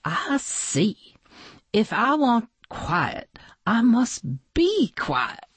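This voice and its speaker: A woman's voice: on the high side, sing-song, drawn-out words, breathy edge, dry recording, pitched above the performer's own voice, exaggerated voice. A woman voicing a glamorous female movie-star golden retriever in a storybook, grand and weary of attention. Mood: resigned. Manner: grand, weary of attention, wants peace and quiet.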